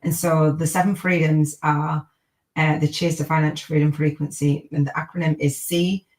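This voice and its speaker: A woman's voice: deep voice, little pitch movement, normal speed, darkish tone, poor audio. Upbeat middle-aged woman reciting affirmations. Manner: upbeat, chatty, repeats affirmations. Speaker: podcast host. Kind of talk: live-streamed gratitude podcast talk.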